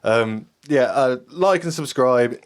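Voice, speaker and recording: A man's voice: medium pitch, lively intonation, takes it slowly. A man co-hosting a paranormal podcast, chatting casually and joking with frequent laughter. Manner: jokey, rambling, laughs often. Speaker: podcast co-host. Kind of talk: casual chat.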